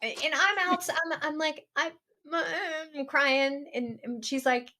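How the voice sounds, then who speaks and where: A woman co-hosting a podcast, telling a family anecdote in a casual, animated way and laughing along the way. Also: sits high, takes it slowly, a little hiss or hum. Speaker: podcast co-host. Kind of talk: casual storytelling chat.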